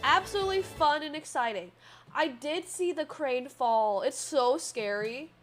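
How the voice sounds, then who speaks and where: A young woman livestreamer tells stories to her viewers in a high, very lively voice. She rambles with lots of fillers and the odd swear, and faint music plays behind her. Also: unhurried. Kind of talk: casual stream chat, storytelling.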